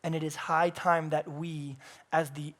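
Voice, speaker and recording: A man in his thirties preaching a sermon in church, moving between hushed, intimate passages and loud, emphatic peaks. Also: a little high, little pitch movement, unhurried.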